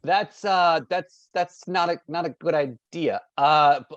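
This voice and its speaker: A man's voice: a little high, animated, normal speed, hardly any pauses, no echo, highs cut off. A man running an improv game for a group, begging them for advice as an overdramatic person with an odd problem. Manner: pleading, playing an overdramatic advice-seeker. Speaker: improv instructor.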